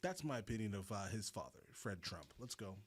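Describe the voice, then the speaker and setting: A young man streaming casual reaction commentary, excitable and rambling, saying "bro" a lot. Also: fairly low pitch, a little fast, background noise.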